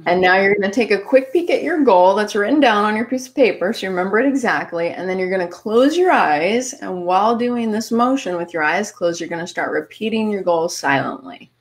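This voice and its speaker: A woman leads a guided visualization exercise, talking listeners through each step. Her pace is calm and even, with an encouraging, coaching manner. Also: medium pitch, fairly quick, hardly any pauses. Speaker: podcast host guiding an exercise.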